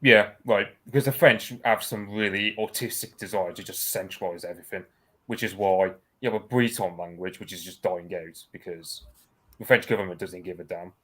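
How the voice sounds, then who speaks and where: Low-voiced man with a mild Brummie accent. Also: steady tone, moderate pace, a bit bright, breathy edge. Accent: mild Birmingham. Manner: rambling, filler-heavy. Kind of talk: casual podcast chat.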